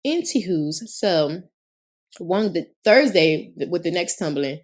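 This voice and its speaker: A woman's voice: fairly low pitch, measured pace. A woman co-hosting a podcast and coaching cheer, telling stories in casual chat, acting out quotes and swearing freely. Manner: animated storytelling, acts out quotes, swears freely.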